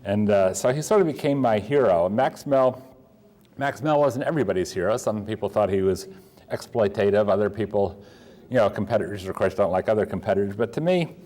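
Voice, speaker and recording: A man's voice: fairly low pitch, expressive, fairly quick, darkish tone. An older man from Pennsylvania, a coin dealer telling rambling stories with many fillers and restarts. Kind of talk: storytelling talk.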